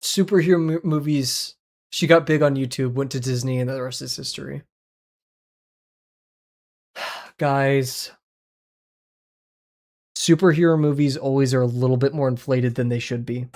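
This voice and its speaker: Guy streaming and playing web games, chatty, yelps out loud at stuff, mutters under his breath, middle pitched voice. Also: steady tone, unhurried, long pauses. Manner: chatty, reacting aloud with sudden yelps and mumbled asides. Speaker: art livestreamer. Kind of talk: casual livestream chat playing daily web games.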